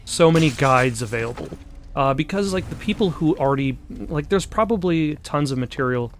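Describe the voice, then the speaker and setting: A man's voice: a little high, lively intonation, moderate pace, soft background music. A young man, out of breath, rambling through casual gameplay commentary with many ums and uhs. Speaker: let's play host.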